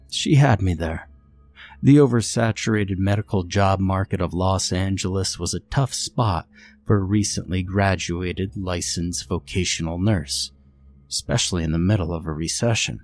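A man narrating a first-person horror story in a measured, bitter tone. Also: sits low, darkish tone.

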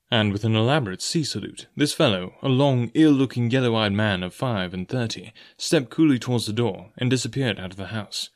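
A man's voice: lowish voice, fairly quick, few pauses. A man who hosts an audiobook podcast, reading the narration evenly and speaking casually to listeners. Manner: even, plain storytelling; casual, friendly outro.

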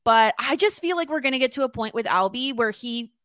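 A woman's voice: fairly high pitch, a little fast, no room sound, clean studio sound. A woman talking in casual podcast chat, chatty and full of fillers. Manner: chatty, filler-heavy, animated. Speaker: podcast guest.

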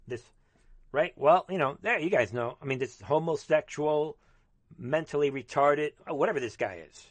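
A man's voice: on the high side, moderate pace, no room sound. Fired-up ranting man, dry close sound. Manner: fervent, rambling, repeatedly addressing the audience. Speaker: commentator. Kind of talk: ranting political monologue.

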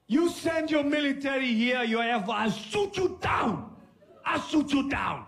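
A man putting on an impression of a defiant foreign dictator, shouting slow threats in broken English. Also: extremely high pitch, animated, vocal fry, reverberant, pitched above the performer's own voice, exaggerated voice.

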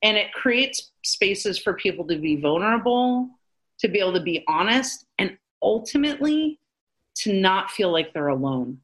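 A woman co-hosting a podcast as a paranormal researcher, speaking earnestly in animated, quick bursts. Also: medium pitch. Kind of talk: casual podcast discussion.

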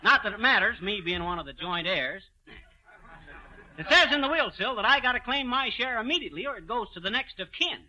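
Boastful comic schemer, lively swooping pitch, bright tone, punning, muffled 1930s radio. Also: male voice, fairly quick, a little hiss or hum, heavily acted. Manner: bouncy, joking delivery with wordplay. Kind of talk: 1930s radio comedy acting.

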